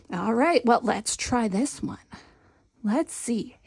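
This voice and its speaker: A Montessori teacher trainer with a medium-pitched, gravelly, husky, darkish voice speaks at normal speed. She patiently demonstrates a classroom syllable game, modeling the chant in a sing-song way.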